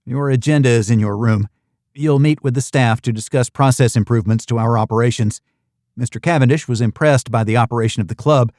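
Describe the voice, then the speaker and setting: A man's voice: medium pitch, brisk, a little mellow, dry recording, studio quality, close to an everyday voice. A man voicing a polite young woman from the United States who works as a host at an island retreat, speaking courteously and eager to please.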